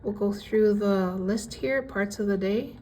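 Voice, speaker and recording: A woman giving a casual language lesson, reading out word lists with their English meanings in a relaxed, chatty way. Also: mid-range voice, a little slow, a little hiss or hum, rough recording. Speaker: language teacher.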